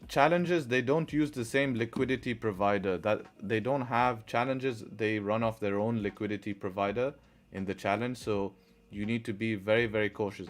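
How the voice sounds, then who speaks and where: A man livestreaming his trading, thinking aloud, answering chat and groaning when trades go against him. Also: on the low side. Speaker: trading live-streamer. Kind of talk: casual live-stream commentary.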